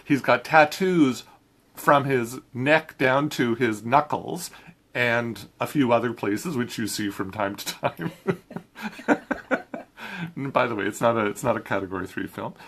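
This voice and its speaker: A man's voice: medium pitch, a little slow, a bit bright. A man reviewing a film in a casual chat, talking easily with frequent restarts and laughs. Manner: chatty, laughs often, many restarts.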